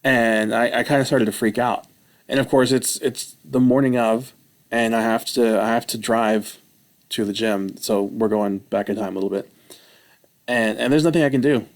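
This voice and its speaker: A man vlogging, telling a rambling personal story with self-mocking, animated retelling. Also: mid-range voice, moderate pace.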